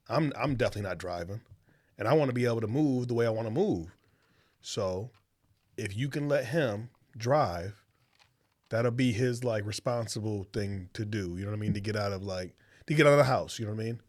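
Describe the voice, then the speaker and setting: A young man co-hosting a podcast and telling a story in casual chat. His voice is mid-pitched and lively. He swears freely and jumps up high in pitch to act out the people he quotes. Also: brisk. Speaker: podcast co-host.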